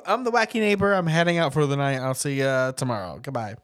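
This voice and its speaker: A man's voice: a little high, brisk, pitched above the performer's own voice, close to an everyday voice. A man putting on a flippant wacky neighbor who wants out of the story, breezy and dismissive.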